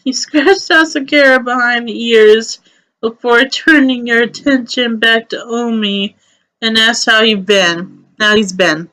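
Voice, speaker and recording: A woman reads a fantasy game's story aloud in a storybook narrating manner. Her voice sits high and bright. She takes her time with each line. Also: steady tone, takes it slowly, poor audio. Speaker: let's play narrator. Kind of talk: reading game story aloud.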